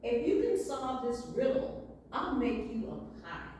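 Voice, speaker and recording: A patient farm mother teases her son with a riddle in a knowing voice, played by a woman storyteller. She speaks slowly. The sound is distant and echoing. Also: on the high side, sing-song, a little mellow, a little hiss or hum. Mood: teasing. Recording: echoey hall, voice from far off.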